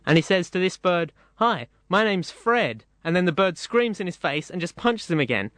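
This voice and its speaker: Man, casual joke-teller, rambling and animated, slightly high, dry studio sound. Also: a little fast, no room sound. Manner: rambling, animated storytelling with voiced bits. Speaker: panelist telling a joke.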